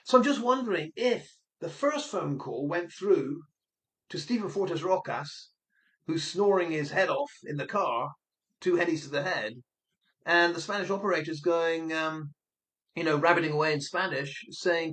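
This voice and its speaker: A man's voice: fairly high pitch, moderate pace, a bit bright. A man talking through theories in a musing, speculative commentary monologue, now and then acting out other people's words. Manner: musing, speculative, acts out quoted voices. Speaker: online commentator.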